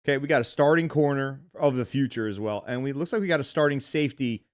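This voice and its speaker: A man's voice: mid-range voice, fast talker, dry recording, clean studio sound. A man hosting a sports podcast, joking around loosely with some swearing. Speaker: podcast host. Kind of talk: casual podcast banter.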